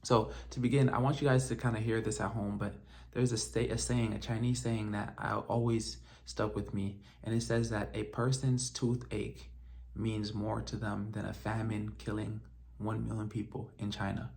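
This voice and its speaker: A man's voice: on the low side, little pitch movement, normal speed, vocal fry, darkish tone. A man whose first language is French, a doctor giving casual advice straight to camera, often asking "right?" as he checks his notes. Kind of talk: direct-to-camera advice talk.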